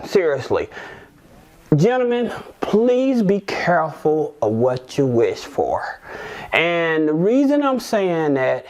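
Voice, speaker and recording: A man hosting a finance YouTube channel in a casual talking-head style, chatty and checking in with "okay?" often. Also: high voice. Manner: chatty, peppers lines with "okay?".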